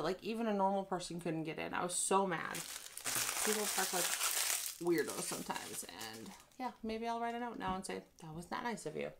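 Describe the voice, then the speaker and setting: A woman's voice: medium pitch, heavy background noise. A tired woman chatting casually as she reviews a haul, ranting and making self-deprecating asides. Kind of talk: casual chat.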